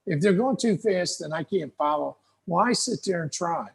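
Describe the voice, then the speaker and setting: A middle-aged American man giving folksy, relaxed advice to English learners over a video call. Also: high voice, moderate pace, creaky, husky. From United States. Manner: relaxed, folksy, acts out little dialogues. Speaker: guest speaker.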